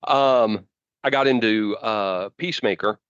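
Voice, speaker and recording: Podcast co-host, male, very low voice, halting chatty delivery, dry dull mic sound. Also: fairly bright tone, smooth, dry recording. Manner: rambling, halting with many fillers and restarts. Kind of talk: casual chat.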